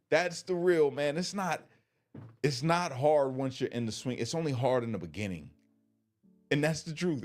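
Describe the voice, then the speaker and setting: Casual male streamer preaching in street slang, repeats lines for emphasis, middle-pitched voice. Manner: slangy and conversational, repeats phrases, laughs often. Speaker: faith livestreamer.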